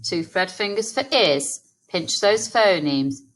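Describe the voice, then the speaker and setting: An English woman teaching a phonics lesson to young children, sounding out words slowly and encouragingly. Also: medium pitch, animated. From England. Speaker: primary school teacher.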